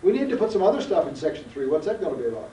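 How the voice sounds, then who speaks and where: A man's voice: on the high side, big pitch swings, racing, mellow, slight background noise. A man teaching a research seminar, quizzing his students in a folksy, emphatic way, heard on an archival classroom recording. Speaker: seminar lecturer. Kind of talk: classroom lecture with questions to students. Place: lecture room. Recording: roomy archival classroom tape from a distance.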